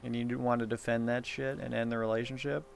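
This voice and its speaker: A man's voice: medium pitch, little pitch movement, a little fast, gravelly, a little hiss or hum. A man talking in a rambling solo monologue, meandering and profane, with frequent laughs and restarts.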